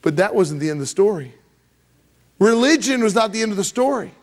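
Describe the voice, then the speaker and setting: A man preaching a sermon as pastor, emphatic and repetitive, swinging from loud rises to soft drops. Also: high-pitched, lively intonation, a little fast. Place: church sanctuary.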